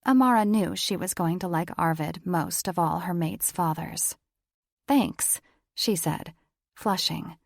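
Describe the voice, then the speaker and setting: A woman narrating a romance audiobook in a measured, even storytelling voice. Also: fairly low pitch, vocal fry, dry recording, studio quality. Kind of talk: scripted narration.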